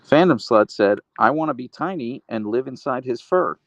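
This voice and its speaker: A man's voice: medium pitch, lively intonation, normal speed, no echo, lo-fi sound. A man hosting a casual livestream, cooing at his dog in baby talk and reading viewer comments aloud while holding the camera. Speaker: livestream host. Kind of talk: casual livestream chat with pet. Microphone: handheld phone camera.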